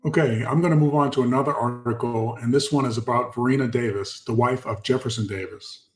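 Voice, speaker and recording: A man's voice: mid-range voice, fairly quick. Emphatic man reading history aloud. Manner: emphatic, repeats key words and addresses viewers as folks. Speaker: history channel host. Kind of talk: reading articles aloud with commentary.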